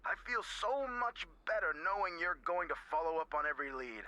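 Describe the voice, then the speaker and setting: A nervous museum board member leaving a phone message in a game. His tone is very bright and lively, slightly high, earnest and a little flustered. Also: brisk, dull audio. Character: middle-aged male museum board member, anxious and grateful.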